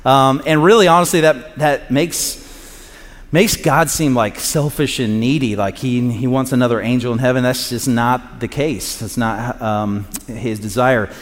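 A man's voice: mid-range voice, steady tone, measured pace. A man preaching in a loose, conversational way, cracking jokes and acting out quotes between points. His voice rings out with a long reverb from a large hall. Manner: conversational and joking, acts out quotes. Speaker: pastor. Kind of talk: sermon.

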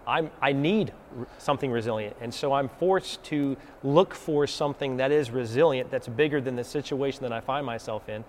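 A man's voice: medium pitch, normal speed, few pauses. Southern man, co-host of a faith talk, homespun analogies, easygoing delivery, light background noise. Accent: Southern American. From Southern United States. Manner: folksy, uses homespun analogies. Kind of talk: casual faith discussion.

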